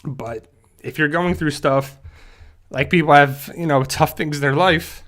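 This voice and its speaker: A man hosting a casual livestream, talking haltingly with many fillers and restarts and growing emotional at times. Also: fairly high pitch, steady tone, a bit bright. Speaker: YouTube channel host.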